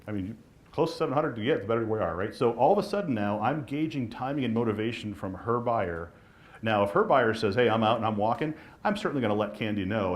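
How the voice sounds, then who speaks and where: Man, real estate instructor, live class, rapid delivery, mid-pitched voice, plays out dialogue. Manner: fast, animated, acts out quoted dialogue. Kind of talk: live class talk to a room of agents.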